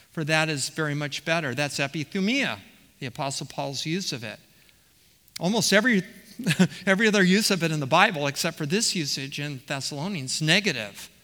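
Preacher, male, high and bright voice, emphatic and questioning, long church reverb. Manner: emphatic, repeats words, asks questions of the congregation. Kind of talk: expository sermon. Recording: long reverb of a large hall.

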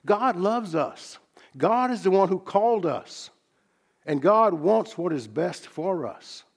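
Gravelly husky-voiced male preacher. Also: high-pitched, lively intonation. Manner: measured, earnest bible teaching with slowed emphasis on key phrases. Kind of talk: sermon.

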